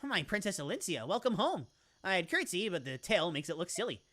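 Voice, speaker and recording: Woman plays a playful game warrior, teasing and breezy, lots of pitch movement. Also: big pitch swings, fairly quick, a bit bright. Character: cheeky young male beast-warrior, playful and teasing.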